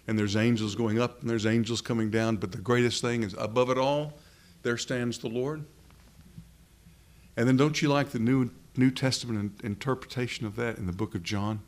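An earnest male preacher giving a sermon before a room full of listeners. He speaks at a middle pitch and leans hard on key phrases. He slows right down when he wants something to land. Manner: earnest, emphatic, slows words for stress. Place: room with a live congregation.

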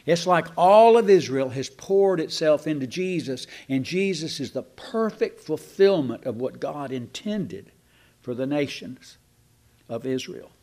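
A man preaching a sermon, slow and emphatic, asking rhetorical questions and sometimes restarting mid-phrase. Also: on the high side, lively intonation, a little mellow.

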